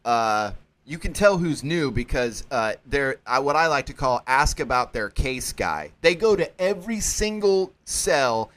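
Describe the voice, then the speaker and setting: A man hosting a podcast, recounting his jail intake in an animated, conversational way and acting out the quotes. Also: medium pitch, a little slow. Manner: animated storytelling with acted-out quotes. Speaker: podcast host.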